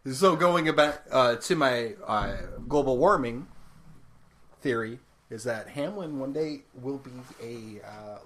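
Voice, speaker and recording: A man's voice: medium pitch, slow, fairly bright tone, a little hiss or hum. A man chats casually in a mid-range voice. He jokes, swears lightly and drifts from one topic to the next. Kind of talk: casual chat.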